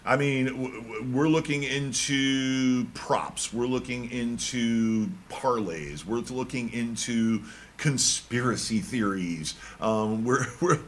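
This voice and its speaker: A man's voice: medium pitch, slow pace, slight background noise. A man hosting a casual sports talk show, joking around and rambling with lots of restarts. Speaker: podcast host.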